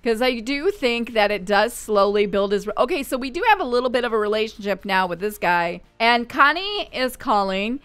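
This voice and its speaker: A woman giving casual commentary on her life-simulation game, chatty and quick to voice her characters' thoughts. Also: fairly high pitch, expressive, fairly bright tone, clear, resonant tone, dry recording, soft background music. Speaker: gaming YouTuber.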